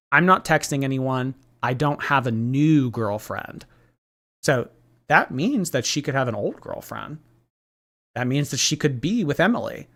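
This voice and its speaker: A man hosting a livestream, reading viewer messages aloud and gossiping in a chatty, animated way with lots of fillers. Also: mid-range voice. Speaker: livestream commentary host.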